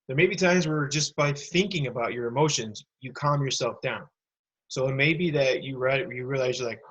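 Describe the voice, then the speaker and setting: A man's voice: mid-range voice, a bit bright, slightly rough, dull audio. A male teacher recording a remote lesson for students, explaining patiently and addressing the kids directly. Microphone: computer mic.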